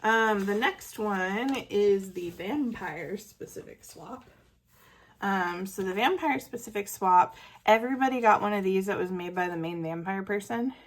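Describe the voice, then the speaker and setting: A woman's voice: medium pitch, unhurried. A woman hosting a casual art video, narrating artwork she received and gushing over it with frequent fillers and small laughs. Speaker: art channel host. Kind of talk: casual show-and-tell narration.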